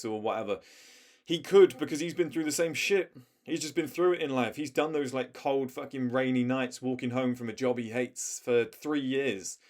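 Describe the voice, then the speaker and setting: A young man talks straight to his viewers, giving life advice. His delivery is blunt and emphatic, loose and conversational, and he drops in slang and the odd swear word as he makes his points. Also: mid-range voice. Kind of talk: casual direct-to-camera advice talk.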